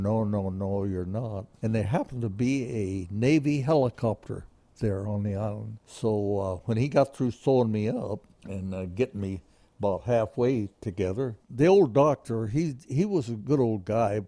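A man's voice: fairly low pitch, mellow, no room sound. An older man, a veteran pilot, telling a crash story in a folksy, vivid way. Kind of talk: storytelling interview.

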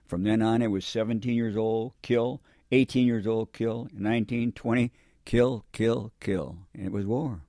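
A man's voice: lowish voice, fairly even intonation, a little slow, warm tone, no echo, clean studio sound. An older man, a Marine veteran, telling his war memories in an interview, rambling and repeating himself, acting out what people said. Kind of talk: oral history interview, storytelling.

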